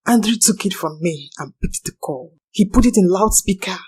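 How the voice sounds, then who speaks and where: A woman's voice: medium pitch, expressive, moderate pace, darkish tone, breathy edge. A young woman narrating a personal confession in an earnest, anxious manner.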